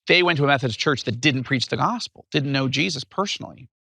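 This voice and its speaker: A man in his fifties from upstate New York, telling his life story as an interview guest in an animated way. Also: medium pitch, quick pace, gravelly, breathy edge, dry recording, clean studio sound. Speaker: guest author.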